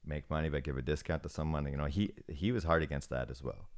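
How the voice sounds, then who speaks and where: A middle-aged man talking casually on a podcast, measured and hesitant, thinking aloud as he goes. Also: very deep voice. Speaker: podcast guest, former snowboard shop manager.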